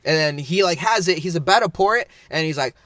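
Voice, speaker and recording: A man's voice: a little high, lively intonation, brisk, a bit bright, dry recording. Rambling man telling a story. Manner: rambling, many fillers, breaks into laughter. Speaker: podcast co-host. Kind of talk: casual storytelling chat.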